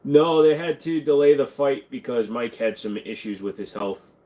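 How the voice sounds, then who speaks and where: A man's voice: mid-range voice, animated, moderate pace, warm tone. A man hosting a livestream, answering viewer questions in casual chat with a crude, joking, offhand manner.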